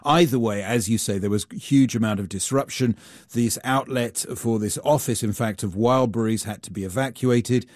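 Man, news correspondent, measured, explanatory, dry studio sound. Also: medium pitch, darkish tone, no echo. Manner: measured, explanatory, some fillers. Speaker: global affairs reporter. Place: radio newsroom studio.

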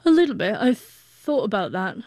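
Female interview guest in her forties; stutters on word starts, warm mellow voice, dry recording. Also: mid-range voice, sing-song, normal speed, no echo. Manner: heartfelt, reflective. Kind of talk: personal storytelling.

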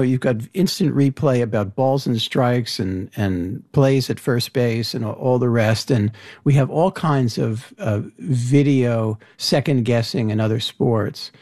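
A man hosting a casual conversation, asking halting, wry questions with frequent restarts. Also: mid-range voice, lively intonation, warm tone, no echo, studio quality. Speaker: podcast host.

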